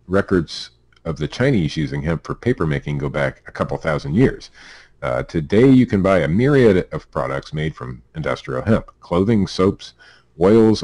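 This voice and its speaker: A man with a very low voice and a Pennsylvania accent reads news stories aloud on a casual podcast. He trips over words, laughs and drops wry asides as he goes. The sound is dry and close, with no room around it. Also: creaky, a little mellow, no room sound. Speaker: podcast co-host reading news.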